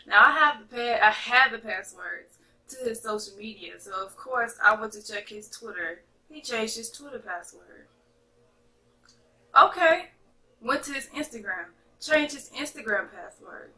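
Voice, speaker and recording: A young woman from North Carolina telling a chatty, animated storytime to her viewers. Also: fairly high pitch, a little slow, far from the mic, rough recording. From North Carolina, USA. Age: young adult. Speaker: vlogger. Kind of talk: casual storytime vlog.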